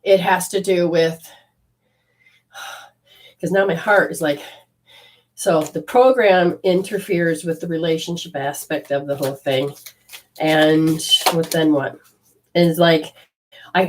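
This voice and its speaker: A woman's voice: lowish voice, steady tone, normal speed, long pauses, slight background noise, low-quality recording. A woman giving an intuitive card reading to a caller. She rambles and restarts often, and affectionately calls her listener honey. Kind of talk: spiritual reading and coaching.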